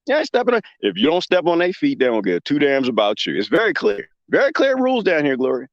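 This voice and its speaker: A man's voice: on the high side, wildly swooping pitch, fast, no echo. Rambling joking man. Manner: rambling, joking, laughs often, reads out chat. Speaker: live-stream host. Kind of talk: rambling casual live-stream chat. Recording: dull lo-fi dry mic.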